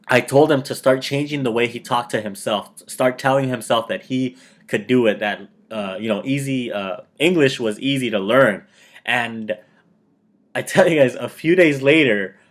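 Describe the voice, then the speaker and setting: A man talking casually to the camera, giving motivational advice and telling personal stories, often checking in with his viewers. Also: mid-range voice. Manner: conversational, keeps checking in with "okay?"; chatty storyteller who quotes himself and others. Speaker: motivational video host.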